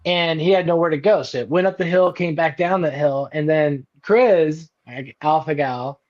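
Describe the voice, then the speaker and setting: Animated storytelling man, lo-fi audio. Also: moderate pace. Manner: animated, acts out quotes with big pitch jumps. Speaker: podcast guest. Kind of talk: casual storytelling.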